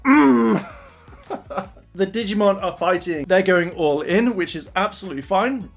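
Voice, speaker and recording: A man giving a casual, animated spoken review, retelling scenes and acting out the characters' lines with frustration. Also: sits high, normal speed, soft background music. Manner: excitable, animated retelling with acted-out quotes. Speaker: anime reviewer.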